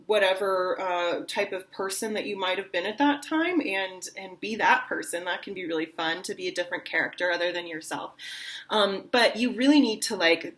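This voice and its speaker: Young woman, voice teacher, casual online lesson, lively, acts out lines dramatically. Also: medium pitch.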